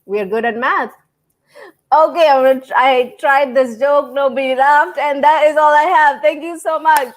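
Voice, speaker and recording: A woman from India doing a short stand-up set with quick, light jokes. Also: sits high. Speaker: comedian contestant.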